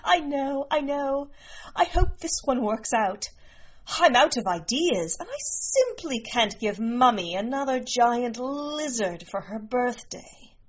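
A woman's voice: fairly high pitch, big pitch swings, slow pace, lo-fi sound, voice pushed up, full character voice. A woman voicing an eager, spoiled young jungle princess who is bossy and breathless.

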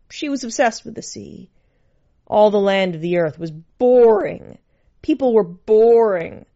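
A woman reads a piece of fiction aloud, her delivery expressive and shifting with the story. Her voice sits in a middle register. The recording is slightly dull and lo-fi. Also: mid-range voice. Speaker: narrator. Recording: muffled lo-fi recording.

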